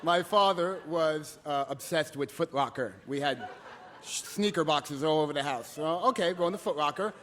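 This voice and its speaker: Animated high-voiced male storyteller. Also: moderate pace. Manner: animated, comic. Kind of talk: live storytelling.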